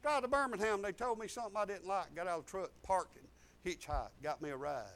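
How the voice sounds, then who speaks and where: A man, a preacher telling his own story in a folksy way that swings between loud and soft. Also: high voice, fast. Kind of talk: preaching testimony.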